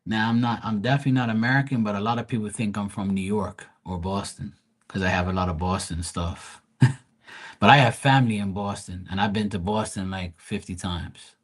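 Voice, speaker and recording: A Bermudian man with a fairly low voice, hosting a live tarot stream. He rambles in easy, chatty asides to his viewers and swears freely. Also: fairly even intonation, brisk, rough recording. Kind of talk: casual live-stream chat.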